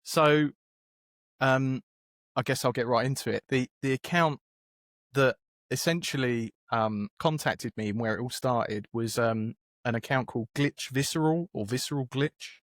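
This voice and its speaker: A man's voice: medium pitch, measured pace, no echo, clean studio sound. A man, a game developer guest talking in a casual podcast interview, hesitant and self-deprecating with lots of fillers.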